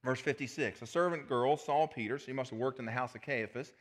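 A man preaching a sermon as pastor, animated, retelling scripture as a vivid story. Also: mid-range voice, fast talker.

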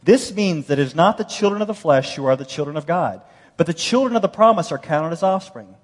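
Animated male preacher in a reverberant hall. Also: on the high side, fairly quick. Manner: animated preaching, swings from loud emphasis to hushed. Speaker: pastor. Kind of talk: sermon.

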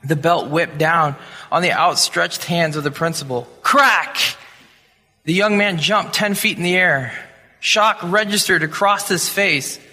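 Brief: dramatic male preacher telling a sermon story, bright forceful voice, long hall reverb. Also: on the high side, measured pace. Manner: dramatic storyteller, acts out sound effects.

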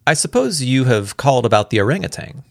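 A man reading aloud the lines of a shrewd, composed French gentleman detective in a storybook reading, measured and courteous. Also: mid-range voice, sing-song, creaky, no room sound, studio quality, voice pushed up.

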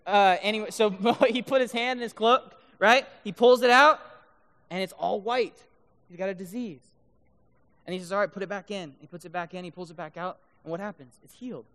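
A man giving a lively sermon to a live crowd, joking and keeps checking in with the crowd by asking "right?". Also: sits high, brisk. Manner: mock-incredulous joking. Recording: long reverb of a big hall.

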